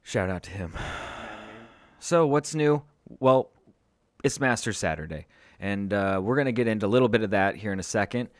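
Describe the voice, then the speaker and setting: A young adult man co-hosting a podcast, goofy and excitable, out of breath from running upstairs. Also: fairly low pitch, moderate pace, no echo, clean studio sound. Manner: excitable, goofy, swings loud and soft. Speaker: podcast co-host. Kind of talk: casual chat.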